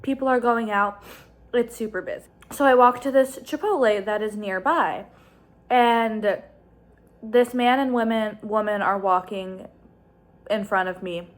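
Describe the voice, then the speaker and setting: A young woman vlogging a casual storytime in a chatty, exasperated way, rushing through phrases. She talks into a handheld phone, first while walking outdoors at night and later at home. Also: mid-range voice.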